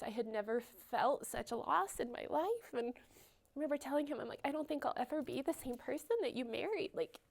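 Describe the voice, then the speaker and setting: A woman's voice: on the high side, creaky, a little mellow. A woman telling a personal testimony at church, earnest and emotional, with a chatty flow full of "like" and "you know.". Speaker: church member sharing testimony. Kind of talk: personal testimony, conversational storytelling.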